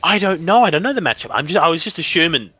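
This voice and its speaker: Excitable young man casting esports. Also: on the high side, quick pace, breathy edge. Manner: excitable, rambling, trips over his words. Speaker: esports caster. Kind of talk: live game commentary.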